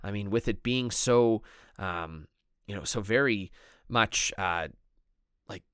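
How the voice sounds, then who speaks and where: Thoughtful priest with a smooth low voice. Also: male voice, takes it slowly, a bit bright, no echo, studio quality. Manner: thoughtful, hesitant with many fillers and restarts. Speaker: priest, podcast co-host. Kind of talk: casual podcast conversation.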